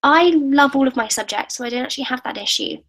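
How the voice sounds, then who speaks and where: On a casual live-stream Q&A, a British teenage YouTuber reads viewers' comments aloud and replies in a chatty, cheerful way. She talks fast in a high, fairly bright voice, and the recording quality is low.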